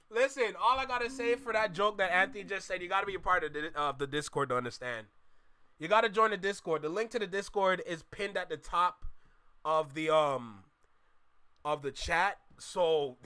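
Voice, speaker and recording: A young man from Canada riffs through a live reaction stream, exclaiming and throwing in slang as he talks to his chat. His voice sits high and sounds bright and forceful. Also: smooth. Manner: animated, exclaiming, addresses chat with slang like bro. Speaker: reaction channel host. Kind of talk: casual live reaction commentary.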